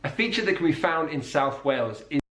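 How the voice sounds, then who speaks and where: A man's voice: fairly high pitch, animated, fairly bright tone. Roomy-sounding male accent teacher. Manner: explains carefully, slows down to model sounds. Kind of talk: online language lesson. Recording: roomy echo.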